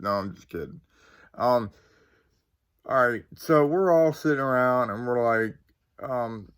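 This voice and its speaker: Speaking into a phone, an Ohio man in his forties who hosts a channel tells viewers a ghost story, wandering through it with plenty of asides and fillers. His voice is lowish, smooth and fairly bright.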